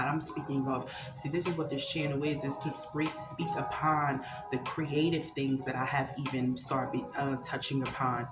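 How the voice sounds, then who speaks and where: A woman's voice: a bass voice, steady tone, moderate pace, few pauses. A woman giving an impassioned spiritual monologue, emphatic and preachy, swearing freely. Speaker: spiritual content creator. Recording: roomy echo with loud music behind.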